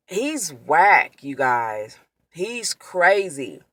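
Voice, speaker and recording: Woman vlogger retelling a bad experience, bright tense tone, dry close sound. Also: mid-range voice, measured pace, dry recording. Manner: emotional, animated retelling with quoted exclamations. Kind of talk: personal storytime vlog.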